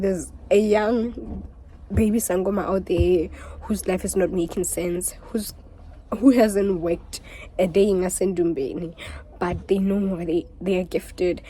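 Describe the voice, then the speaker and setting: A woman's voice: mid-range voice, steady tone, takes it slowly, dark tone, a little hiss or hum, rough recording. Emotional South African woman vlogger. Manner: emotional, mixes languages mid-sentence, repeats herself. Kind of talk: candid confessional vlog.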